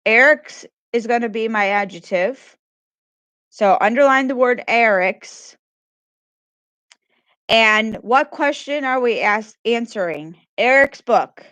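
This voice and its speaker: A woman's voice: fairly high pitch, takes it slowly, a bit bright, dry recording, highs cut off. A woman teacher giving a grammar lesson to children, patiently repeating questions and praising answers.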